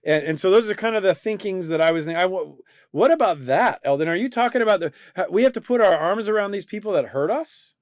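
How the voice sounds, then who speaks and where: A man with a fairly high, smooth and resonant voice hosts a faith-based discussion show. He talks earnestly and thoughtfully, often restarting his sentences. The sound is dry and close to the mic. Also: expressive, fast talker, no room sound. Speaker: host.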